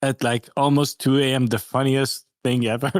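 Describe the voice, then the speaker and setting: A man's voice: medium pitch, flat delivery, normal speed, no room sound, clean studio sound. A man guesting on a live stream to review tracks, chatting casually in an amused, rambling way with restarted sentences.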